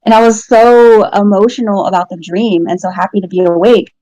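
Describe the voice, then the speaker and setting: A woman sits as a guest and tells a personal story in a frank, casual way, chuckling at herself along the way. Her voice is mellow and warm. The recording is dry, with no room sound. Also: mid-range voice, fairly quick, no room sound, muffled recording. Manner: candid, storytelling, laughs at herself.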